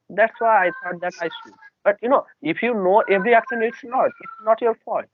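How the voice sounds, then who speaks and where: A man's voice: high-pitched, brisk, few pauses. A man with an Indian English accent, a native Bengali speaker, practicing English in casual conversation, talking hesitantly with many fillers over a video call. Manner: hesitant, full of "you know" and "uh" fillers. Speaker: English learner. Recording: tinny phone-like video call line.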